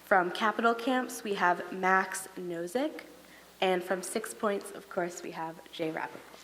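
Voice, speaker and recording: A woman's voice: on the low side, measured pace, fairly bright tone, a little hiss or hum. Woman making announcements in a reverberant hall. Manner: friendly, many "um" fillers. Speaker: camp program leader. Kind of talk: congregation announcements. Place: synagogue sanctuary. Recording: long reverb of a large hall.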